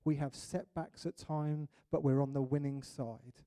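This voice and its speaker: Male preacher from England, mellow and fairly high, animated sermon delivery, quick to act out scenes. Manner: animated, acts out little scenes and voices.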